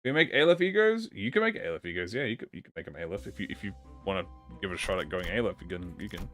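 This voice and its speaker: A young man chats on a live stream as he plays a game, his voice jumping all over the place as he swears and stumbles through restarts. He keeps insisting to chat that he's not upset. Game music plays clearly behind him. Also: deep voice, rapid-fire. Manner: excitable, swears a lot, jumps to deny being upset; rambling, stammering restarts. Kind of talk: casual live-stream chat while gaming. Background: game music playing.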